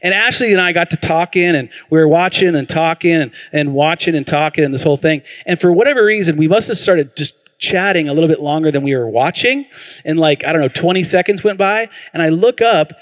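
Man pastor, sermon, animated storyteller, high voice, long church reverb. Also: brisk. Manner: animated storytelling with acted-out quotes. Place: church hall.

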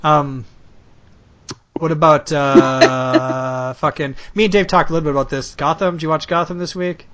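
A young man in casual chat who jokes around, reacts quickly and laughs often. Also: fairly high pitch, fairly even intonation, fairly bright tone, highs cut off.

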